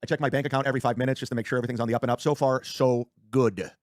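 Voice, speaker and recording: A man's voice: mid-range voice, fairly even intonation, very fast, dry recording, clean studio sound. A man ranting casually on a livestream, rambling, swearing often and restarting his sentences. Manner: rambling, profane, self-interrupting.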